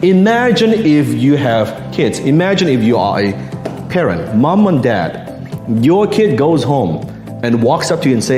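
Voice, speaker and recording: Animated male sales coach, roomy sound. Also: medium pitch, a little slow. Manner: animated, asks the audience questions. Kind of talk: motivational sales talk. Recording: roomy sound with music underneath.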